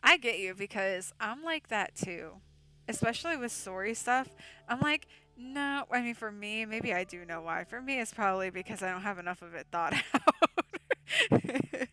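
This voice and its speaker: A woman hosting a casual livestream, chatting enthusiastically with viewers and laughing often, her voice going hoarse. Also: mid-range voice, expressive, moderate pace, pushed and bright. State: losing her voice. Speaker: livestream host.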